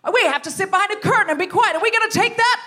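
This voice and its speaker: A woman improvising an impassioned 19th-century woman journalist who rallies her friends, loud and indignant, on a live theatre stage. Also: very high-pitched, racing, over loud music, voice pushed up. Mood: rousing.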